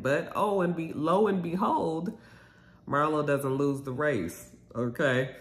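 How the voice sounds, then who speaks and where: A man giving a casual, animated recap of a reality TV episode, gossipy and sassy. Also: mid-range voice, normal speed, echoey room.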